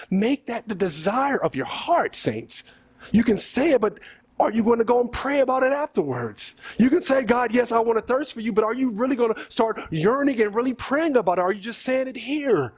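A man's voice: extremely high pitch, animated, fairly quick, husky. A male preacher giving an earnest sermon, then leading a prayer, pleading with listeners and often calling out "saints" and "God".

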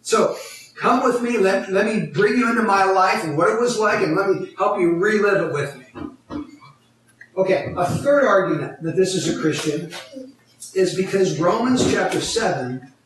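In an echoey hall with a far-off mic, a pastor gives a teaching sermon, explaining a Bible passage step by step and asking the congregation questions. His voice is high and his pace moderate, with faint music playing behind him.

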